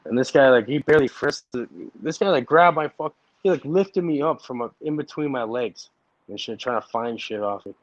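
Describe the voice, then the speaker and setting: A man's voice: medium pitch, normal speed, dry recording, highs cut off. A man in a casual chat, telling stories loosely with constant swearing and filler words. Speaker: chat partner.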